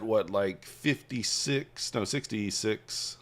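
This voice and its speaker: A man hosting a trading livestream, casually reading and answering viewer chat while he trades, swinging between hyped shout-outs and quiet muttering. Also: deep voice, normal speed. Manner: hypes viewers, reads chat aloud, shifts from excited shouts to mumbling. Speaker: livestream host, futures trader.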